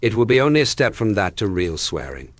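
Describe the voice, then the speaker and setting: A man's voice: on the low side, big pitch swings, a little fast, no echo. A stern, pompous older uncle from a storybook, speaking with heavy disapproval, as a male narrator puts him on. His tone rises and falls a lot, recorded dry and close.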